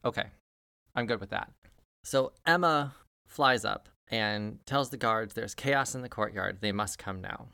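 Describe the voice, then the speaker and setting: A man running a tabletop game as game master, relaxed and dry. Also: on the low side, measured pace, vocal fry, smooth, dry recording.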